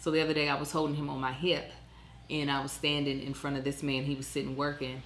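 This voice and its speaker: A woman in her thirties co-hosting a podcast, telling family stories in an animated way, laughing often and acting out voices. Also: sits low, quick pace, slight background noise. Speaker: podcast co-host. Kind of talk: casual chat. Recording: echoey room.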